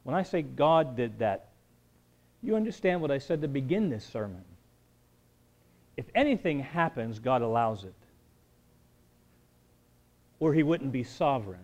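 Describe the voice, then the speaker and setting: A man as pastor, preaching a conversational sermon with joking asides and shifts between quiet talk and emphatic build-ups. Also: medium pitch, sing-song, unhurried, pauses often.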